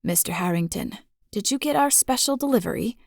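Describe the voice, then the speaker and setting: A woman's voice: medium pitch, lively intonation, fairly quick, creaky, darkish tone, dry recording. A cold anonymous blackmailer on the phone, put on by a woman narrator in an audiobook. He speaks in curt, threatening phrases, recorded dry and close. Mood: menacing.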